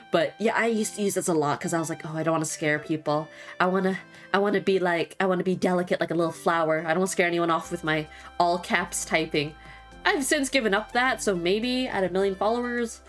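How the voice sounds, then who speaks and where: A chatty woman answers her viewers' questions in a relaxed, rambling way and laughs easily as she goes. Her voice sits at an ordinary middle pitch, and soft music plays faintly behind her. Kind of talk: casual Q&A chat. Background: faint background music.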